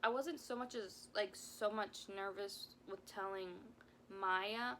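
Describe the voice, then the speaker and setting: A mom vlogger, a young woman in her twenties, tells a casual story-time vlog in a rambling, heartfelt way, packed with "like"s and close to tears at times. Her medium-pitched voice is a bit bright with fairly even intonation, and she takes it slowly; a little hiss or hum is audible.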